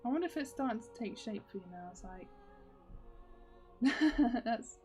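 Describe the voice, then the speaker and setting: A woman talks through a casual video diary, her voice sitting a little high. She rambles, piles up fillers and breaks into laughs often, with soft music faintly underneath. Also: expressive, moderate pace, long pauses. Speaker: video diarist.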